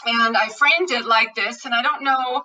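A woman host opens her show with a heartfelt, impassioned monologue. Her voice is high and bright. She sits somewhat back from the microphone. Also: moderate pace, far from the mic, low-quality recording. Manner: earnest and impassioned, repeats calls to action. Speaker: podcast host.

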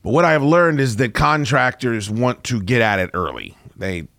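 Male radio host, mid-pitched, dry close mic, loud and profane. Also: animated, normal speed, no room sound. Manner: loud, profane, laughing rants. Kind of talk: casual profane talk radio banter.

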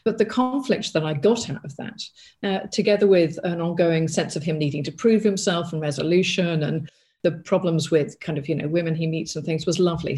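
Gravelly-voiced woman author being interviewed. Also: sits low, a little mellow. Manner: thoughtful, with frequent restarts and asides. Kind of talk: conversational interview answers.

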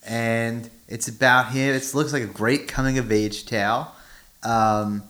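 A man's voice: mid-range voice, steady tone, a little slow, fairly bright tone. A man co-hosting a movie podcast in casual chat, teasing and jokey. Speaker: podcast co-host.

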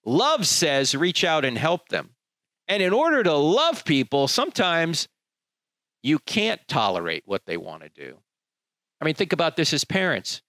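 A man's voice: fairly high pitch, sing-song, unhurried, pushed and bright, no room sound. A man preaching a sermon in an emphatic, rhetorical way, acting out the people he quotes.

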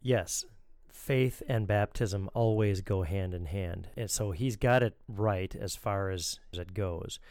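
Male pastor co-host, lowish resonant voice, dry close sound, teacherly explainer. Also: slow, darkish tone, no echo. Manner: explanatory, teacherly, quotes scripture. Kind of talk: critiquing a sermon recording.

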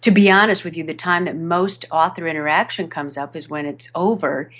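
A woman who narrates audiobooks, chatting animatedly in an interview, with fillers and quick restarts. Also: deep voice, a bit bright. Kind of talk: podcast interview chat. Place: home studio over a video call.

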